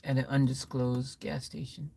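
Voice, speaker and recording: A woman's voice: extremely low pitch, level tone, normal speed, gravelly, warm tone, breathy edge. A woman vlogger chatting playfully with her viewers on a phone while parked in her car at a gas station at night. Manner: playful and jokey, says goodnight to viewers. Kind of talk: casual livestream chat.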